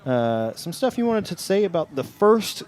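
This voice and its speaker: A young man hosting a live soccer broadcast from a stadium press box, with a steady, friendly announcer delivery. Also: high-pitched, normal speed. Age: young adult. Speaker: play-by-play host. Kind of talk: sports broadcast commentary.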